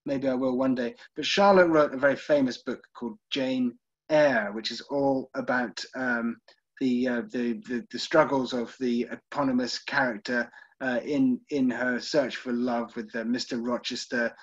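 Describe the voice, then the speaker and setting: This virtual tour guide is a man from the UK with a British English accent, speaking at a moderate pace in a husky, medium-pitched voice with fairly even intonation. The audio is dull. Leading a live literary tour online, he keeps things chatty, checks on his listeners, and fills gaps with frequent ums.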